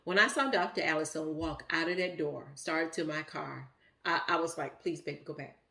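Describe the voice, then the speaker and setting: A woman's voice: sits low, moderate pace, gravelly, pushed and bright. A middle-aged woman, telling a heartfelt personal story in a rambling, emotional way with many fillers. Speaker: vlogger.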